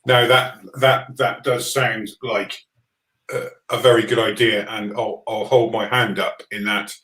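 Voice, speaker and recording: A man who is a livestream guest, telling a story in a measured, hesitant way. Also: on the low side, flat delivery, fairly bright tone, reverberant, poor audio. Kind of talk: casual livestream chat.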